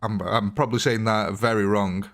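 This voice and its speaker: A man with a fairly low voice talks through a game as he streams it live. His delivery is casual and rambling, with little asides and frequent chuckles. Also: steady tone, normal speed, a bit bright. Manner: chatty, laughs often, thinks aloud while playing. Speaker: gaming livestreamer.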